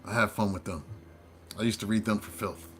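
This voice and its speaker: A man who reads tarot speaks in a low, steady voice, a little fast, with slight background noise. In a casual storytelling monologue, he rambles to his viewers about how he got started, drifting into loose asides.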